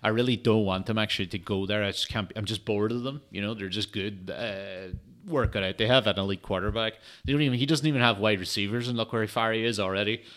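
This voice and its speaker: A man rambles through a casual solo podcast, swearing freely and padding his talk with fillers. He sounds tired and yawns now and then. His voice sits low, with a bright, forceful edge. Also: fairly even intonation, fast talker. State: tired, yawning. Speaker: podcast host. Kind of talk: casual solo sports chat.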